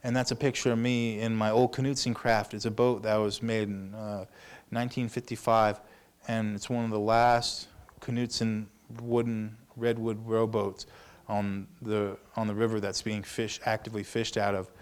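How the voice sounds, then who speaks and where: A young man moderating a symposium panel, telling a story in a casual, animated way and laughing often. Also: on the low side, moderate pace, clean tone. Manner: laughing, animated, self-deprecating.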